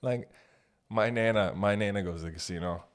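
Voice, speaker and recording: A man's voice: on the low side, a little fast. Rambling, self-mocking man on a podcast. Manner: rambling, self-mocking, drops into silly put-on voices. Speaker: podcast host. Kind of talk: casual solo podcast rambling. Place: home podcast setup.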